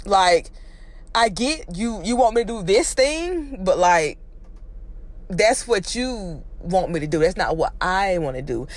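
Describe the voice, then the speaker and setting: A woman vlogger giving a casual ranting recap, blunt and opinionated with heavy profanity, her voice jumping up in pitch when she exclaims. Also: expressive, measured pace. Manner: swings up into high exclaiming pitch. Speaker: reality show recap vlogger.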